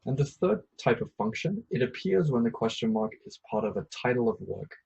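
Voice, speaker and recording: Husky man teaching a patient lesson. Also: medium pitch, lively intonation, a little fast, hardly any pauses, a little mellow, dull audio. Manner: patient, repeats each point, some um and uh. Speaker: English teacher. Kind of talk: scripted grammar lesson.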